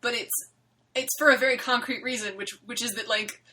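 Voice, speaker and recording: A woman's voice: fairly high pitch, a little fast, low-quality recording. A woman co-hosting a podcast, talking casually and emphatically with many fillers. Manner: animated, filler-heavy, emphatic. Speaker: podcast co-host. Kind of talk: casual chat about a webcomic.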